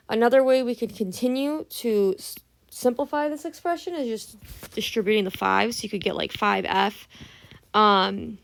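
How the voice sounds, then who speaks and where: A woman's voice: medium pitch, vocal fry. A young adult woman teaching math in a casual, patient way, stopping often to ask whether everyone is following, and sounding tired this early in the morning. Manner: patient, explaining step by step with frequent "right?" checks.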